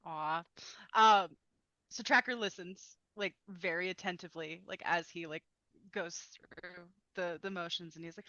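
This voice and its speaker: Woman player, soft and hesitant, low bright voice, dull lo-fi mic. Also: a little slow, no room sound. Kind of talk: casual tabletop play.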